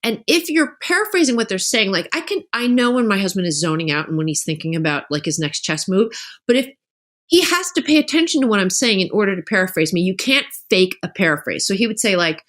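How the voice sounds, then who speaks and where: Animated woman telling stories as a guest. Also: mid-range voice, fast talker. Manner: animated storytelling, acts out quoted dialogue. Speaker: guest author. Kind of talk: casual podcast interview.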